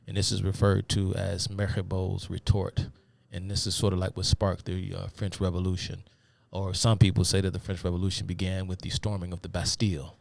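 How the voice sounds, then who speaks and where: Male host, casual lecturer who wanders and fills pauses; very low voice, dry close recording. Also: completely flat delivery, creaky, a little mellow, no echo. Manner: rambling, many fillers, addresses viewers as y'all. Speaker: host of a live talk stream. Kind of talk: casual live-stream lecture.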